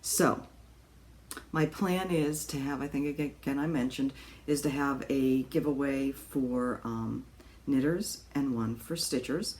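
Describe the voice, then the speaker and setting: A woman's voice: extremely low pitch, measured pace, a little mellow. A woman chatting casually to camera from her apartment about her crafts, rambling with lots of ums and little laughs. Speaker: cross stitch vlogger. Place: home in an apartment.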